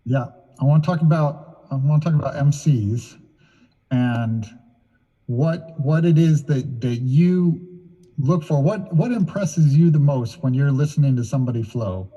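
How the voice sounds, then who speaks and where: A man's voice: mid-range voice, unhurried, warm tone, slightly rough, highs cut off. A man in a band, casually asking a bandmate rambling questions on a livestream, full of fillers. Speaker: band member hosting the hangout.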